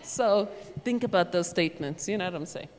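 A woman leading a youth group, talking through faith in a casual, animated way and acting out quotes as she goes. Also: on the low side, a little fast. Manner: chatty, animated, acts out quotes and laughs. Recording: long echo in a large hall.

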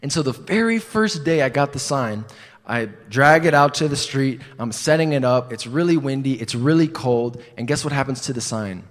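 A man's voice: medium pitch, moderate pace. A man preaching a sermon in a church building, telling a personal story in a conversational, self-deprecating way, with rhetorical questions and hesitant restarts. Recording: long hall reverb.

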